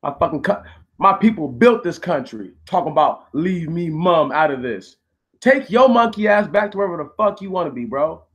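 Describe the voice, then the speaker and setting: A man's voice: a little high, expressive, normal speed, breathy edge. A man ranting angrily on a live stream, swearing, repeating himself and arguing with viewers in the chat. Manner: angry, profane, repetitive, arguing with viewers. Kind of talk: heated live-stream rant.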